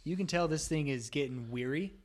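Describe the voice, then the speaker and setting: A man running a tabletop game as game master, easygoing and quick to laugh. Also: on the high side. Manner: laughs often, easygoing rulings.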